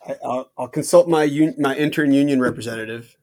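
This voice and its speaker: A man on a comedy chat show, speaking quietly and haltingly with mock stubbornness. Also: mid-range voice. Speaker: panelist.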